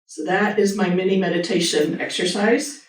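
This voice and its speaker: A woman's voice: lowish voice, normal speed. A woman, a surgeon giving a live motivational talk and speaking earnestly and directly to her audience. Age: 50s. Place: hospital meeting room with an audience. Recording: echoey room, mic at a distance.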